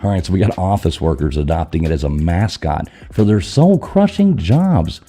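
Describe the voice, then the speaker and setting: Deep-voiced crude comedy host. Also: male voice, sing-song, warm tone, husky. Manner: irreverent, jokey, with quick asides. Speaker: podcast host. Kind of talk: crude comedic news rundown.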